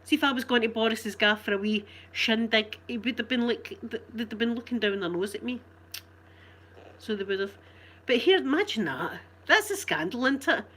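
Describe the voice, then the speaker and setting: A woman's voice: fairly high pitch, expressive, moderate pace, fairly bright tone, slightly rough. Chatty Glaswegian woman, laughing often. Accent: Scottish, Glasgow. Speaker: streamer chatting with viewers. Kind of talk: casual live-stream chat.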